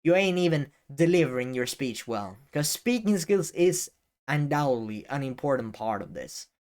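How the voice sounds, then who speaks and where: A man's voice: a little high, lively intonation, moderate pace, a little mellow. A young man talking casually to camera as a YouTuber, rambling with many fillers and restarts and the odd swear word. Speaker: YouTuber giving advice. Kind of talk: casual on-camera advice talk.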